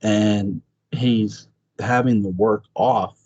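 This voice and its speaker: A man chatting casually as a podcast host, excitable and swearing freely, his voice jumping up high when he exclaims. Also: very slow, lo-fi sound. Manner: swears freely, laughs often. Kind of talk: casual chat.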